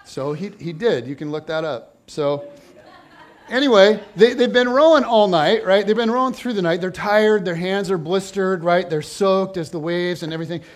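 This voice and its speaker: A man preaching a sermon, telling the story in a lively, joking way and acting out the people in it. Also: high voice, moderate pace. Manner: animated, jokey storytelling with voiced asides. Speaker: pastor.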